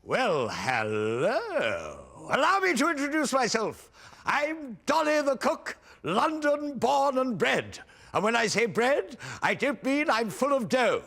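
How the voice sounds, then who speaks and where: A pompous camp panto dame. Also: male voice, extremely high pitch, wildly swooping pitch, slow, gravelly, sharp tone, full character voice. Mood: hammy. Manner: theatrical, pompous, speaks stage directions aloud. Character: camp veteran male actor playing a panto dame. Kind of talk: TV comedy drama acting.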